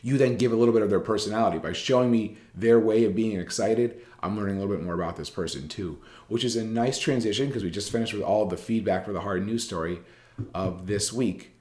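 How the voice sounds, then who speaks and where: Low-voiced man lecturing casually. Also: quick pace, a little mellow, roomy sound. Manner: casual, rambling, with frequent fillers and restarts. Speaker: journalism writing instructor. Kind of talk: recorded lecture giving class feedback.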